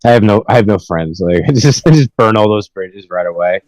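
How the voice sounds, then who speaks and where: Low-voiced man telling prank stories. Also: fairly quick, a little mellow, no echo, low-quality recording. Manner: rambling, profane, laughs at own pranks. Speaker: podcast host. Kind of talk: casual storytelling chat.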